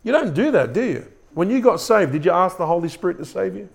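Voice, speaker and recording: Male pastor, gravelly, slightly high voice, preaching with questions to the congregation and frequent restarts. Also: sing-song, fast talker. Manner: repeats words and restarts, asks the congregation questions. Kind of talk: sermon. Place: church room with a congregation.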